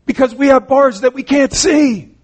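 Man, preacher, sermon, high-pitched voice, earnest, conversational, restarts. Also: moderate pace.

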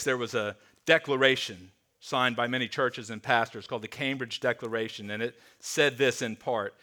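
A man, a pastor, preaching a sermon in an earnest way, slowing and dropping soft on key words. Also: medium pitch. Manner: earnest, slows and drops softly on key words; repeats words while restarting.

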